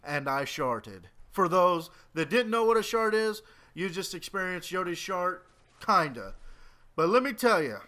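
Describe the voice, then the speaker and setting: A man's voice: high-pitched, very animated, a little slow, sharp tone. A man in his late twenties telling a rambling, profane, joking story as casual commentary over a video game. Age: 20s. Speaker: gaming commentator.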